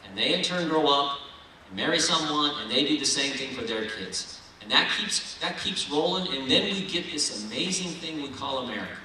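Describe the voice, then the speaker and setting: A man's voice: a little high, expressive, normal speed, bright, forceful tone, a little hiss or hum. A man from Ohio giving a folksy, rousing keynote speech at a political dinner in a large banquet hall. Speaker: keynote speaker. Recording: echoey hall, mic heard from far.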